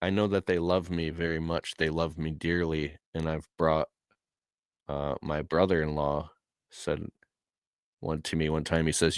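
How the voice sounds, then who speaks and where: A man's voice: very deep voice, little pitch movement, measured pace, clean tone, dry recording. A man telling a personal story in a casual, heartfelt way, earnest and emotional, with casual slang.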